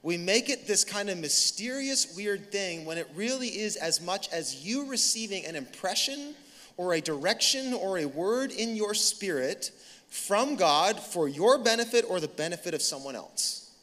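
High, bright-voiced pastor in a big hall. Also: male voice. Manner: conversational, animated storytelling with quick restarts. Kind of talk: sermon. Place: large church hall. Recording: reverberant hall.

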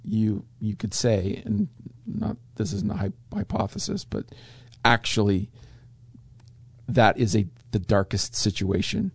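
A man co-hosting a podcast in casual chat, agreeable and often affirming, sometimes halting mid-thought. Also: lowish voice, very animated, gravelly, slightly rough, no echo. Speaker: podcast co-host.

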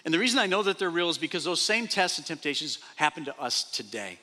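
A man pastor preaching a sermon, animated, repeating phrases and acting out quoted speech. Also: a little high, quick pace. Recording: long reverb of a large hall.

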